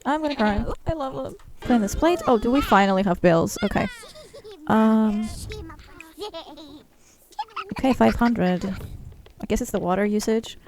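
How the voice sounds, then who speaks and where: Gushing young woman with vocal fry. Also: fairly high pitch, normal speed. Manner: gushing, excitable, chatty. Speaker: gaming channel host. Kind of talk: let's-play commentary.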